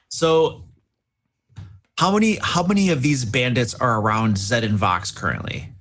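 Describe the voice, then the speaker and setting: A man playing a tabletop game, lively and hamming up his character's taunts. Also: mid-range voice, slow pace, long pauses. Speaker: player.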